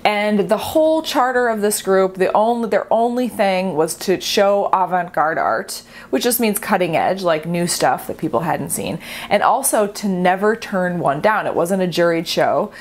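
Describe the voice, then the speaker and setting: Young woman artist riffing on art history, jokey and animated, mid-pitched, bounces up high when she gets excited. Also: normal speed. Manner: chatty, playful, self-mocking, animated. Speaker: artist and video host. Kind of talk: comedic art-history explainer.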